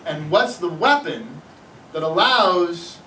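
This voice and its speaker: A middle-aged male teacher gives an animated classroom history lecture, taking it slowly and repeatedly quizzing his students. His voice is high and bright. He's recorded from far off in a very echoey classroom, with a little hiss or hum.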